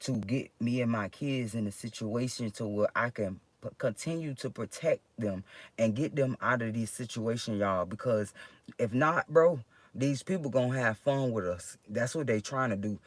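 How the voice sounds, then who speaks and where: A woman's voice: a bass voice, normal speed, no room sound. Agitated, profane woman venting to camera. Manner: agitated, profane, rambling with restarts. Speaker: vlogger. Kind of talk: emotional personal venting.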